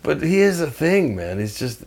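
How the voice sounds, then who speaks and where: An older man and guest musician telling animated, profane stories in a rambling way, full of restarts. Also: on the high side, moderate pace. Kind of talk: casual storytelling.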